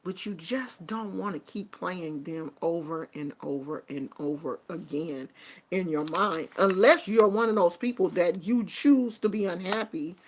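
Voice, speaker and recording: A middle-aged woman vlogger chatting casually on a livestream, reading viewer comments in an animated, sassy way, going from low murmurs to loud exclamations. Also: a little hiss or hum.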